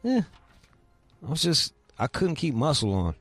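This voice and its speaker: A man's voice: a little high, huge pitch swings, a little slow, a bit bright, husky, no echo, soft background music. A young man hosting a podcast, chatting casually with crude, teasing talk and heavy swearing. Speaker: podcast host. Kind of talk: casual chat.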